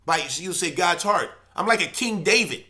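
A man preaching with a high-pitched, bright and forceful voice. He talks with great passion and hammers home his points by repeating phrases. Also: animated, normal speed. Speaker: church elder. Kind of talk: impassioned preaching monologue.

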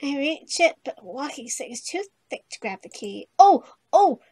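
A woman's voice: high voice, moderate pace, breathy edge, no room sound. Giggly woman, dry close sound. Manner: giggly, eager, loud bursts when excited. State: voice going croaky. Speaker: let's play co-host. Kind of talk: casual game commentary.

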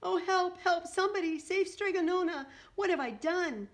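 A woman's voice: mid-range voice, animated, moderate pace, natural voice. A woman voicing a clumsy young man disguised as a girl, talking in a whiny, pleading, sobbing way in a read-aloud storybook. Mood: wailing.

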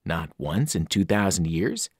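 A man's voice: low voice, big pitch swings, unhurried, a little mellow, slightly rough, no echo, voice pushed down, full character voice. Wry teenage boy hero, sarcastic and dry, read by a man in his own voice.

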